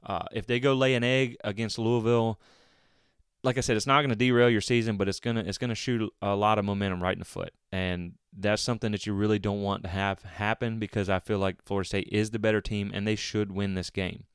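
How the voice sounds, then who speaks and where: Casual low-voiced man on a sports podcast. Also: steady tone, brisk, clean tone, no room sound, studio quality. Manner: casual, rambling with frequent restarts. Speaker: podcast host. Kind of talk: solo sports podcast talk.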